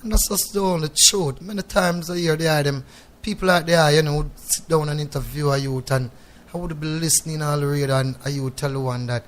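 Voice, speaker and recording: A man's voice: a little high, fairly even intonation, fairly quick, a little hiss or hum. A man with a Jamaican accent, a reggae artist giving a radio studio interview. He speaks in patois, reflective and preachy, and often checks in with "you know what I mean".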